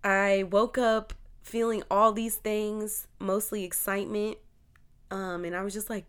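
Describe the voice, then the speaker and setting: A woman's voice: mid-range voice, a little slow, a bit bright, smooth. A young woman hosting her own podcast, talking casually and with feeling, with lots of fillers. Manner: chatty, heartfelt, full of fillers. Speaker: podcast host.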